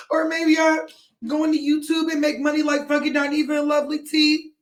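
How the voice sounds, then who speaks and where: A woman's voice: high voice, level tone, fairly quick. A young woman talking to her viewers on a livestream, tearful with her voice breaking, rambling and pleading. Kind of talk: emotional livestream talk to viewers.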